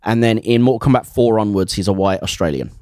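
A young man co-hosting a casual film review podcast, enthusiastic and quick to laugh. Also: on the low side, a little mellow, no room sound, studio quality. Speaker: podcast co-host.

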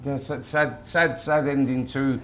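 Bloke, middle-aged ex-boxer, rambling chatty storyteller, faint noise behind. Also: male voice, mid-range voice, little pitch movement, measured pace, a bit bright. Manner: rambling, repeats words, plain spoken. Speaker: podcast guest, former boxer. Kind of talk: casual storytelling.

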